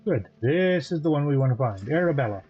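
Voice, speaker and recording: A man hosting a let's play, giving relaxed, matter-of-fact gameplay commentary. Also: fairly high pitch, brisk, breathy edge. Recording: dull audio with game music.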